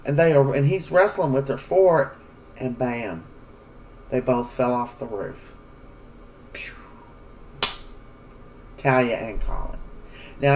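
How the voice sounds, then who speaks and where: Recorded from a distance on low-quality gear with a little hiss or hum, a man with a medium-pitched, somewhat dark voice gives a casual recap of a soap opera episode. As a soap recap vlogger, he rambles along in a chatty way, packing his speech with fillers.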